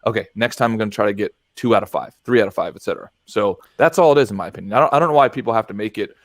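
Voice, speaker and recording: A man hosting a podcast, explaining ideas step by step in a measured, conversational way. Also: on the low side, no echo, studio quality. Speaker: podcast host. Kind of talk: casual conversation.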